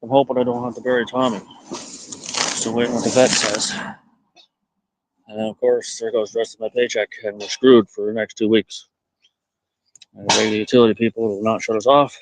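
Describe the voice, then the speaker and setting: A man live-streaming outdoors from his farmyard on a phone, rambling to viewers and talking softly to his goats. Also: lowish voice, level tone, normal speed, pauses often, rough recording. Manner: rambling, talks softly to animals. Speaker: livestreamer tending goats. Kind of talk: casual live-stream monologue.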